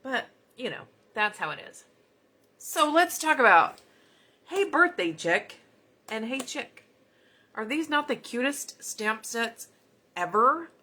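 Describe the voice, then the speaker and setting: A woman's voice: on the high side, lively intonation, slow pace, long pauses, sharp tone. Chatty Southern woman crafting live. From United States. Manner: chatty, folksy, talks while working. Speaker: card-making demonstrator. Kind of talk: casual live crafting chat.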